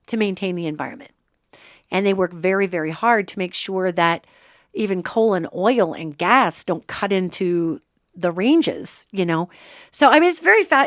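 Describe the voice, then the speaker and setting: A podcast host from Montana delivers chatty, animated spiritual commentary, now and then slipping into performances of quoted remarks. Her voice sits in the mid range, and the studio-quality audio has no echo.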